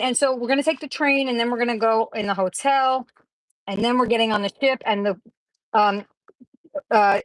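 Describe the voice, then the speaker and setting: A woman's voice: fairly high pitch, dry recording, poor audio. A woman hosting a craft livestream, chatting casually with viewers and gushing over the crafts she opens, in a rambling way. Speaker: craft channel host.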